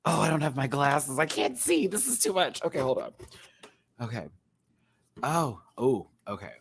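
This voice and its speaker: A man's voice: fairly high pitch, very animated, moderate pace, vocal fry, long pauses, a little hiss or hum. Man, home-desk reviewer, exasperated and talkative, laughs a lot, voice swoops up and down. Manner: exasperated, chatty, laughs often. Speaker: YouTube reviewer. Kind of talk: casual ranting review. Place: home desk with ring light.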